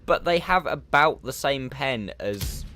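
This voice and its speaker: A man giving casual, chatty commentary over a game replay, animated and jokey, talking from a home desk mic. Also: mid-range voice, a little slow, faint music behind. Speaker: gaming commentator.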